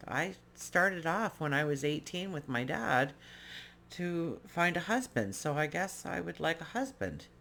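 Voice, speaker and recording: A resourceful young craftswoman, tired of upheaval yet calm and practical, as a woman storyteller puts her on. She answers in a plain, slightly exasperated, matter-of-fact voice, a bit lower than most women. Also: unhurried, vocal fry, a little hiss or hum, heavily acted.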